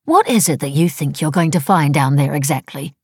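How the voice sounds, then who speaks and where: A woman voicing an exasperated middle-aged wife who questions her husband sharply, with a husky voice. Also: low-pitched, lively intonation, brisk, darkish tone, no echo, studio quality, exaggerated voice.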